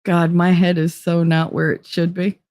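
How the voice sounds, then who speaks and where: A woman's voice: fairly low pitch, flat delivery, normal speed, a little mellow, no room sound, studio quality. Rambling, tired woman with a Jersey accent. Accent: New Jersey. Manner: rambling, profane, easily sidetracked. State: tired from lack of sleep. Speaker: livestream host. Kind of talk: casual chat to a live chat.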